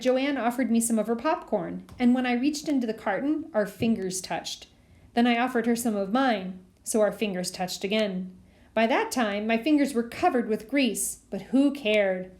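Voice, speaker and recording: Audiobook reader: a woman with a fairly high voice, steady storytelling. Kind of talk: audiobook reading of a children's novel.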